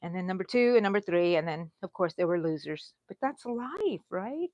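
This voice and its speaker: A woman's voice: lowish voice, lively intonation, normal speed, a little mellow, dry recording. A middle-aged woman hosting a crochet livestream, chatting in a rambling way and talking to herself as she works. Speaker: crochet channel host. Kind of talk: casual chat during a livestream.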